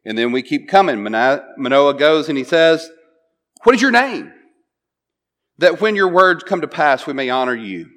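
Conversational male preacher, slightly high voice. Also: very animated, moderate pace, a bit bright. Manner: conversational, often asks "right?" and restarts phrases. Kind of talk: sermon, retelling a Bible passage.

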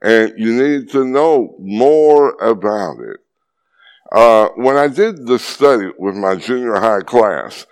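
A man preaching a sermon in an earnest, teacherly way, putting questions to his listeners. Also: on the low side.

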